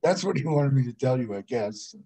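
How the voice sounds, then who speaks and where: A man with a husky, slightly breathy voice, telling a story in a laid-back, unhurried way. He is a guest on a casual martial arts chat. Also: medium pitch, expressive, dark tone, poor audio. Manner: laid-back storyteller, laughs at his own tale.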